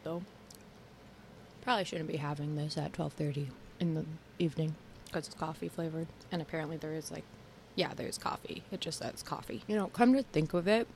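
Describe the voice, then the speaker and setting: A woman's voice: low-pitched, creaky, darkish tone. A young woman hosting a casual educational podcast, chatty and joking, on a close mic. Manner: chatty, joking, goes off on tangents. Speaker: podcast host.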